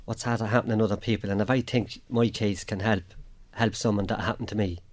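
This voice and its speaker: A man's voice: lowish voice, fairly even intonation, fast talker. An Irish man giving a plain spoken account as an interview guest, acting out what others said to him. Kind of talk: personal account in a radio interview.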